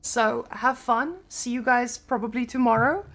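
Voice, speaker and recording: A woman's voice: a little high, measured pace, fairly bright tone. A young adult woman with a Serbian accent, chatting casually on a live stream in loose, non-native English.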